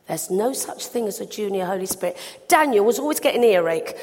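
A woman giving an animated, expressive children's talk in church. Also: fairly high pitch, fast, big-room sound.

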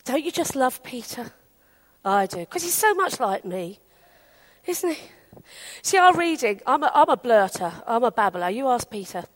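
Preaching in a chatty, story-driven way, a woman from England animatedly voices the people she quotes in her anecdotes. Her pitch is fairly high and her pace moderate.

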